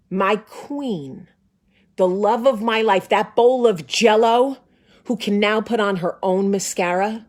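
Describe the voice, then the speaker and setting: Speaking slowly with a medium-pitched voice, a woman in her thirties hosts a show and delivers comedic storytelling that is dramatic, emphatic, and profane.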